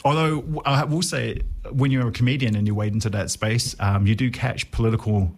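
Gravelly kiwi guy in his 40s, wry and self-deprecating, lots of restarts in casual interview chat. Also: mid-range voice, steady tone, fairly quick. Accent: New Zealand. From New Zealand. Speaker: comedian guest.

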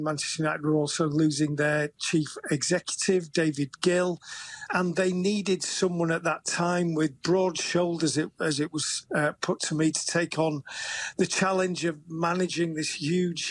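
A man reporting on football for a news broadcast, measured and steady, with small restarts. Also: fairly high pitch. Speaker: football correspondent.

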